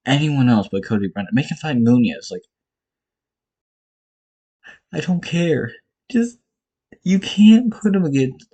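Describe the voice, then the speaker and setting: A young man with a medium-pitched, mellow, slightly rough voice rants casually and profanely about fight cards on his own vlog. An MMA commentator vlogger, he sounds blunt and exasperated, hammering his points home in short, repeated bursts.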